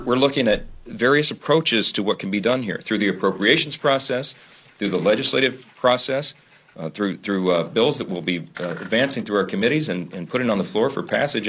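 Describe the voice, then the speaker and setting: A man speaking as a politician in a press statement, halting with fillers and repeated words. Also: fairly low pitch, fairly bright tone, slightly rough.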